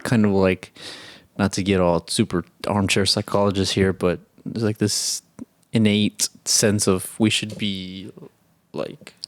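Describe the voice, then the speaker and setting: Brief: young male podcast co-host, low voice, dry close mic, joking rambling chat. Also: little pitch movement, measured pace, dry recording. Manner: joking, rambling, many "like" fillers. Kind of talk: casual film review chat.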